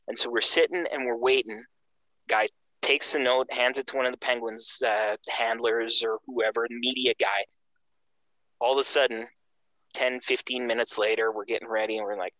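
A man from Canada telling a casual story with animated energy, acting out the voices of the people in it. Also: mid-range voice, a little slow, no echo, rough recording. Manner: animated, acts out quoted voices.

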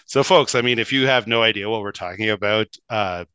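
Chatty low-voiced man, bright and crisp. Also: a little fast, no echo. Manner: chatty, rambling, laughs often. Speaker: podcast co-host. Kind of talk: casual hockey podcast chat.

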